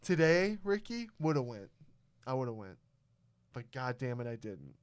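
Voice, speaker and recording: Profane storytelling man with a smooth voice. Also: mid-range voice, moderate pace. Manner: profane, animated storyteller who acts out quotes. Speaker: podcast host. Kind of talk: casual podcast storytelling.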